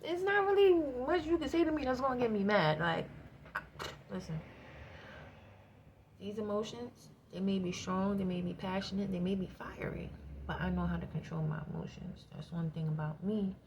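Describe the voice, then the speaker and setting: Animated slangy woman telling a story. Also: mid-range voice, normal speed, background noise. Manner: animated, slangy, swears, laughs a lot. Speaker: vlogger. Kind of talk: casual storytelling to camera.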